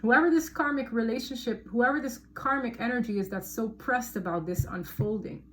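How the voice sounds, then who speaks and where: A woman's voice: fairly high pitch, normal speed, a little hiss or hum. A woman giving a casual tarot reading to her viewers, talking emphatically and repeating words for stress. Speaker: tarot reader.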